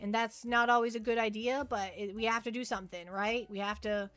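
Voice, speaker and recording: A young woman chats on a livestream in a bright, fairly high voice, rambling and stumbling over repeated words as she answers her viewers. Faint music plays behind her. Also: steady tone, brisk, few pauses. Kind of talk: casual chat with live chat.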